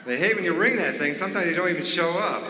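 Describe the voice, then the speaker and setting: Lively stand-up comedian man in a big echoey hall. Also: sits high, quick pace, background noise. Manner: acts out characters, mimics beeps and dings. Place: large performing arts theater stage. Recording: echoey hall, live audience ambience.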